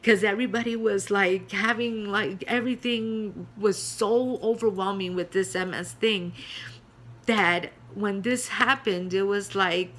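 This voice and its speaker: A middle-aged woman pastor telling her personal testimony in an earnest way, with many pauses and fillers. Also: medium pitch, fairly even intonation, a bit bright.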